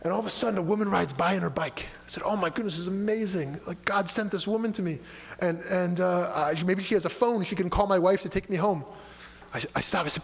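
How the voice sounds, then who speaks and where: A man's voice: high voice, expressive, fairly quick, gravelly. Impassioned man preaching in a reverberant hall. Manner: impassioned, rising and falling with emphasis. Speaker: rabbi. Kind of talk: sermon.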